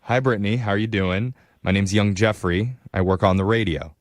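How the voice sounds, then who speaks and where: A man's voice: on the low side, fairly quick, no room sound, clean studio sound. A male radio host running a call segment in a teasing, blunt way. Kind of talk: joking radio prank call.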